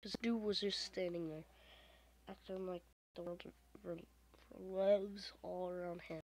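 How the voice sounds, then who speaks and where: A woman giving casual gameplay commentary, often frustrated, exclaiming loudly and muttering under her breath. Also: lowish voice, little pitch movement, measured pace. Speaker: gamer.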